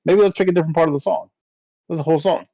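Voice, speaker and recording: A man's voice: fairly high pitch, steady tone, very fast, dark tone, no room sound. A man co-hosting a podcast in casual chat, laughing often and swearing casually. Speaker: podcast co-host. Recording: dull lo-fi dry recording.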